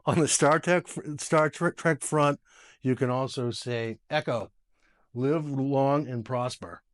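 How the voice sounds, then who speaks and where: A man hosting a casual tech video, chatty and quick to laugh, giving voice commands to smart speakers at home. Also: medium pitch. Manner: chatty, laughs often, restarts phrases.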